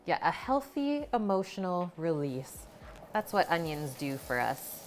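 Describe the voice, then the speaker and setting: A woman's voice: fairly low pitch, sing-song, measured pace, slight background noise. A woman hosting a live cooking stream, chatting casually with her viewers as she cooks in a home kitchen. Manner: chatty, talks to chat while cooking. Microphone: streaming mic.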